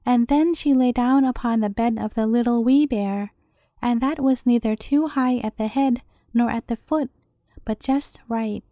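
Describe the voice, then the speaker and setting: A woman reading a fairy tale aloud as a bedtime story, in an even, measured way. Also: fairly high pitch, no echo, clean studio sound.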